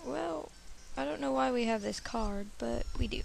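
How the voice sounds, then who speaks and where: A woman's voice: a little high, moderate pace, creaky, few pauses, faint music behind. A young woman giving casual, bubbly let's-play commentary from home, giggling and chatting to her cat. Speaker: let's player.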